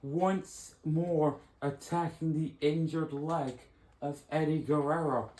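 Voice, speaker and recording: A woman's voice: sits low, steady tone, slow, warm tone. A woman giving emotional, swearing fan commentary on a wrestling video game. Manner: emotional, swearing, outraged outbursts. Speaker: play-by-play commentator. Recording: echoey room, clear background noise.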